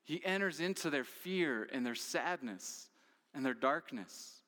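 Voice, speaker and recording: A man's voice: fairly high pitch, lively intonation, a little slow, bright, forceful tone, big-room sound. A man preaching a sermon as pastor, earnest and posing questions to his listeners.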